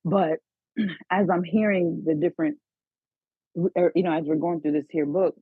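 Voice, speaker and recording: A woman calls in and thinks aloud, rambling with lots of fillers. Her voice is breathy and dry, heard over a tinny phone line. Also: lowish voice, fairly even intonation, normal speed, no room sound. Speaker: caller. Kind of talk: casual phone call.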